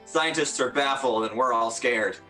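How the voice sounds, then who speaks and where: A man's voice: mid-range voice, moderate pace. A man running a tabletop game session, joking and teasing the players. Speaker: game master. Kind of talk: casual tabletop chat. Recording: faint background music.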